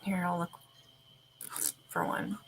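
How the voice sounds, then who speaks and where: A woman's voice: takes it slowly, slight background noise. A woman chatting casually, rambling, swearing freely and laughing often. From Canada. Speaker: streamer. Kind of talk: casual chat.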